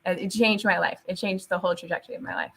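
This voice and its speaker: A young adult woman, a teacher, chatting as an interview guest, telling animated stories with laughs and stretches of Spanish. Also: on the low side, very fast, gravelly, breathy edge. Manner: animated storytelling, laughs often, switches into Spanish. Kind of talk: casual interview chat.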